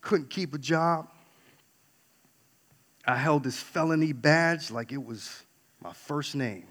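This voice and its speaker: A man from New York telling a candid personal story on stage, swinging between loud outbursts and hushed asides. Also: fairly high pitch, takes it slowly. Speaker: speaker. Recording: long hall reverb.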